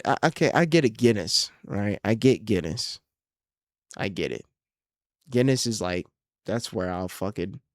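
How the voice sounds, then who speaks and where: Young guy podcast host going off, cussing, low voice, dry close mic. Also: dry recording. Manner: profane, rambling, exasperated ranting. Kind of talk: casual solo podcast rant.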